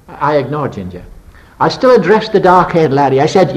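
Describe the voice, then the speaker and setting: An older man preaching a sermon as a story, dramatic, swinging between loud bursts and hushed low passages. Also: big pitch swings, moderate pace, poor audio.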